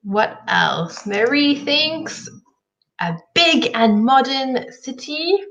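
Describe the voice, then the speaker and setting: Slow-speaking woman English teacher. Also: sits high, animated, a bit bright, a little hiss or hum. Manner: slow, clear, encouraging teacher talk. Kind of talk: live online English lesson.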